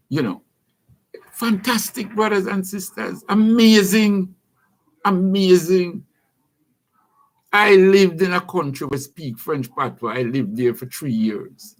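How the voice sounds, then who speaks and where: A middle-aged man with a Jamaican accent, hosting a radio show and telling a story to his listeners in a lively, conversational way. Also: on the high side. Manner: storytelling, lively, addresses listeners as brothers and sisters. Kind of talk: casual radio monologue.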